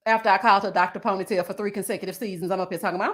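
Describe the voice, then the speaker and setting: A woman recapping a reality show on her channel, chatting loosely with viewers, reading their comments aloud and laughing often, with drawn-out endearments. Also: medium pitch, steady tone. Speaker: TV recap YouTuber. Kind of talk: casual recap commentary reading live chat.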